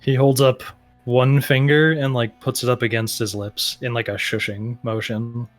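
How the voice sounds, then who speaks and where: A man narrating as game master in a tabletop role-playing game, describing characters' actions in a relaxed way. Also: medium pitch, moderate pace, soft background music.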